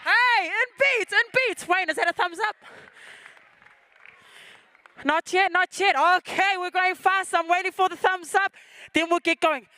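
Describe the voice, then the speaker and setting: A woman's voice: very high voice, unhurried, long pauses. A woman from the Cook Islands, hosting a school festival stage and leading the crowd in playful call-and-response chants. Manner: lively, playful, commanding a crowd.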